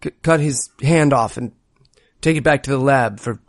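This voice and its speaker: A man's voice: medium pitch, normal speed, no echo, clean studio sound, voice pushed down, close to an everyday voice. A man voicing an impatient male villain boss in an improvised comedy skit, curt and dismissive. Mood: bossy.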